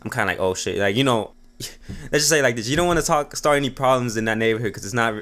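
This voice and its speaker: A man talking fast on his vlog, telling a story. His pitch sits in the middle range. He rambles and swears, and he packs his sentences with fillers. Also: a bit bright. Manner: rambling, profane, heavy with fillers. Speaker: vlogger. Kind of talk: casual storytelling.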